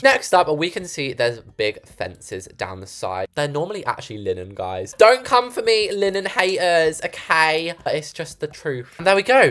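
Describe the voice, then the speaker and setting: An English woman giving chatty, playful commentary on a house she is building in a game, with teasing asides. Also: extremely low pitch.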